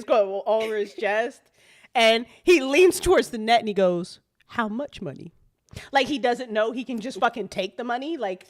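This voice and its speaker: A woman game master runs a tabletop role-playing game, often laughing and swearing casually. Her voice sits a little high and swings widely in pitch. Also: a bit bright. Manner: laughing, loose and profane.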